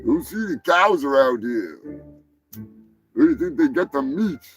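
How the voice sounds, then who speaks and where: Man, high voice, slow unhurried delivery, crude comic news host, faint music behind. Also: sing-song, rough recording. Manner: profane, rowdy, breaks into shouting bits. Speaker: show host. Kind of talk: comedic news rundown, live show.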